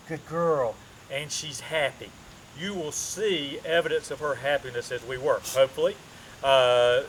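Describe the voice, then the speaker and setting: Male dog trainer with a high speaking voice, instructional and methodical, checks in with "okay?" and gives upbeat commands. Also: fairly bright tone, a little hiss or hum, low-quality recording. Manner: explains step by step, often tagging on a checking "okay?"; switches to upbeat praise and commands while working the dog.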